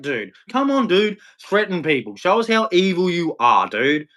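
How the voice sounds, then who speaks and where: A man's voice: high-pitched, very animated, moderate pace, fairly bright tone. A middle-aged Australian man hosting a live stream, taunting viewers in a combative rant full of "dude". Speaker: livestream host.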